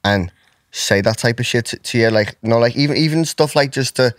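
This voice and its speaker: A man's voice: mid-range voice, a little fast, no echo, studio quality. A young man guesting on a podcast, easygoing, repeating himself, saying "innit" and "you know what I mean". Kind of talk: casual chat.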